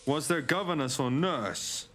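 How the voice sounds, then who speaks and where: A man's voice: on the high side, animated, a little slow, a bit bright. A man streaming a game, joking and irreverent, swearing freely as he comments. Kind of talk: casual let's-play commentary.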